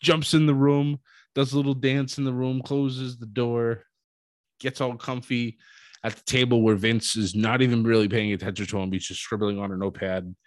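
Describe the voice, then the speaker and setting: A man recapping a wrestling show in a casual, animated storytelling way, acting out what people said. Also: mid-range voice, normal speed, no echo. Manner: animated storytelling, acts out quotes.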